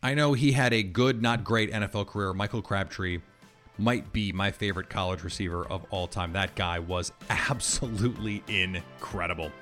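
A man hosting a sports podcast, reading headlines in a steady, plain delivery. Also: deep voice, moderate pace, faint music behind. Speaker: podcast host.

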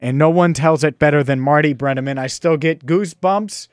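A man hosting a solo sports podcast, telling stories in an animated, nostalgic, rambling way on a close microphone. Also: fairly high pitch, fairly quick, smooth, no echo. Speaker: podcast host.

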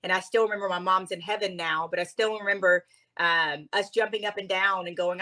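A woman guest in an interview, telling a personal story in a heartfelt, animated way, at times close to tears. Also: mid-range voice, brisk.

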